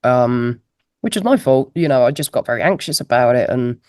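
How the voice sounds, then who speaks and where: A woman's voice: very deep voice, expressive, brisk, dark tone, no echo, clean studio sound. A woman, a guest musician chatting casually in an interview and laughing at herself, heard through a laptop microphone on a video call. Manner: chatty, laughing, self-deprecating. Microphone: laptop mic on a video call.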